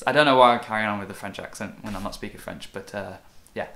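A man's voice: lowish voice, quick pace, sharp tone. A man hosting a reaction video, talking in a casual, earnest and reflective way, loose with fillers.

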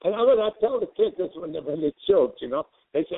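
A man's voice: on the high side, animated, fast talker, hardly any pauses, slightly rough, no room sound. Older male coach, blunt storyteller, dry tinny phone-like sound. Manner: blunt, repetitive, quoting himself. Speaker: tennis coach, guest. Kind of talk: storytelling interview.

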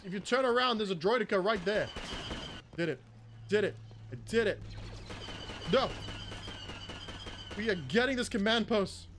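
A man talks through a shooter game in excitable, panicky bursts, his pitch high for a man and jumping all over. Clear game noise and ambience sit behind his voice. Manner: excitable, panicky running commentary. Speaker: gaming channel host. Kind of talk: gameplay commentary.

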